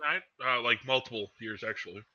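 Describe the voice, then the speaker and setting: Young male podcast co-host, bright animated voice, lo-fi mic, terse and crude. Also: mid-range voice, brisk. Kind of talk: casual sports debate.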